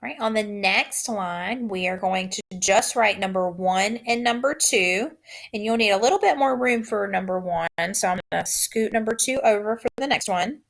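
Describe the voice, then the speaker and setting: A woman teacher giving a recorded phonics lesson, saying each word twice in slow, drawn-out dictation. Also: mid-range voice, creaky.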